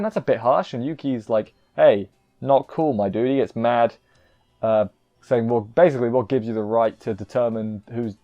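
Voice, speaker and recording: An anime reviewer recaps an episode in a casual, rambling way, poking fun at himself and adding jokey asides. His voice is medium-pitched and dark, and the audio sounds dull.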